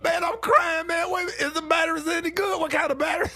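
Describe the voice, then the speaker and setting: A man's voice: very high voice, steady tone, quick pace, crowd noise. A man hosting a morning radio show, laughing, exclaiming and cutting in during banter.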